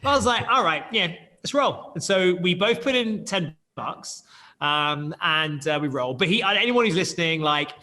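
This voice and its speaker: A man founder telling stories in an animated way, with quick restarts and bursts of acted quotes. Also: on the high side, long reverb tail. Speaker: startup founder, guest. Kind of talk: animated storytelling in an interview. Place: London.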